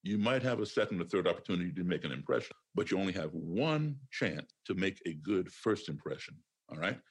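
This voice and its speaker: A man with a low, gravelly voice and a husky edge talks as a podcast guest. He is emphatic and drives his points home by repeating key phrases like a practiced lecturer. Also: animated, fairly quick. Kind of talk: conversational interview.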